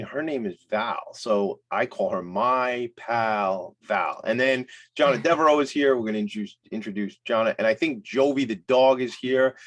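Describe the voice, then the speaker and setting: A man hosting a casual talk show, hyped, loud and playful. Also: mid-range voice. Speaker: host.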